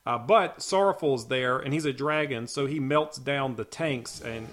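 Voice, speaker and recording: A man's voice: mid-range voice, unhurried, a bit bright, faint music behind. A man co-hosting a podcast, recapping a cartoon in casual chat, joking and filling gaps with ums. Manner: jokey, with filler ums. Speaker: podcast co-host.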